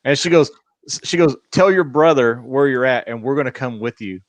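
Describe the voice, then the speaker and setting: A man's voice: medium pitch, normal speed, no echo, dull audio. A middle-aged man hosting a casual podcast, telling joking stories in an easygoing way. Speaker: podcast host.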